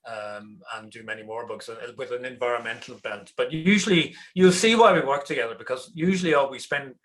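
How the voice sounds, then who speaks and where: Relaxed author chatting in a mid voice. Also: male voice, mid-range voice, brisk. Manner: relaxed, rambling, with many fillers. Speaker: children's book author. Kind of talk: casual chat.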